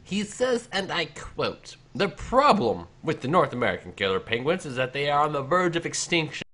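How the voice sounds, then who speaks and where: Man, bright voice, very lively pitch, deadpan comic co-host. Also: normal speed. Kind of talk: improvised comedy chat.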